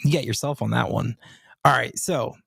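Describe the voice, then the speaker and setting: A man co-hosting a podcast in relaxed, self-deprecating chat. His voice is very gravelly and a bit husky, in a middle pitch. The sound is dry and close, with no room echo. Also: moderate pace. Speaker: podcast co-host. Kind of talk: casual chat.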